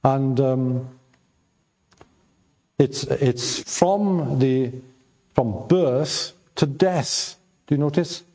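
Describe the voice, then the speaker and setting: An older man preaches at a slow, unhurried pace. He stumbles through fillers and restarts, then presses his points home by repeating them with emphasis. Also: medium pitch, mellow. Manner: slow, halting delivery with many fillers and repeated words; emphatic repetition when reading scripture aloud. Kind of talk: sermon.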